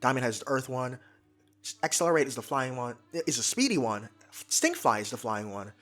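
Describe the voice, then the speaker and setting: A young man giving excited, casual commentary, talking fast and tripping over his words in his eagerness. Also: medium pitch. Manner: energetic, fast, stumbles and restarts when excited. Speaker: YouTube commentator.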